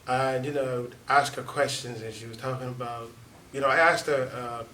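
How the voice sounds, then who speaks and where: A man's voice: medium pitch, fairly even intonation, fairly quick, bright, forceful tone. Man telling a story in an echoey hall. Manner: chatty, laughs often, many "you know" fillers. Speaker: church member giving a testimony. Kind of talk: casual storytelling before an audience. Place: church hall with audience. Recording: echoey hall, distant mic, audience noise.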